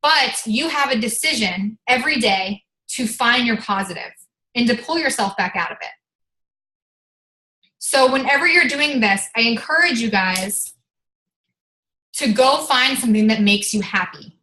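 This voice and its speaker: A woman coaching her fitness team on a motivational call, with a bright, ringing voice pitched a little high. She talks in an energetic, chatty way, full of "like" and casual swearing. The sound bounces around an echoey room. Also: measured pace.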